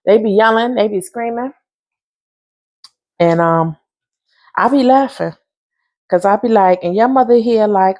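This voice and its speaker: A woman's voice: medium pitch, measured pace, long pauses, darkish tone. A woman who drives a school bus, chatting casually while she cooks in her home kitchen, a laughing storyteller. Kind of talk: casual cooking vlog.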